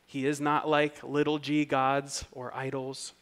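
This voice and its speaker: A man preaching an expository sermon, earnest and emphatic, whose voice rises in pitch and volume when he reads scripture aloud. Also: completely flat delivery, measured pace, fairly bright tone, clear, resonant tone. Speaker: pastor.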